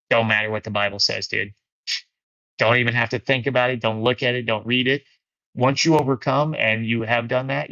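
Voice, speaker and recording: A man's voice: mid-range voice, bright, forceful tone, no room sound, highs cut off. A man hosting a faith fellowship livestream. He talks about God in a casual, earnest way, calls listeners "man" and "dude", and answers viewer comments. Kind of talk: casual spiritual talk, reading viewer comments.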